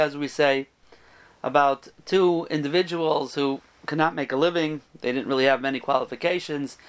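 High-voiced man telling a parable. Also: clear, resonant tone. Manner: animated storyteller, voices the characters. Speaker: rabbi giving a Torah talk. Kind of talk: storytelling sermon.

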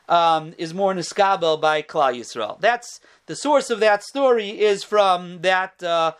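High-voiced man giving a Torah lecture. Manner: storytelling, with frequent restarts and Hebrew terms.

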